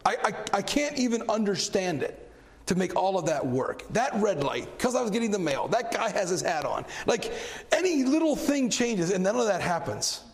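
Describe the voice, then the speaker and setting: A man preaching a sermon, telling a story with animated energy and a voice that climbs when he gets excited. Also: high voice, normal speed, creaky. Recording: long hall reverb.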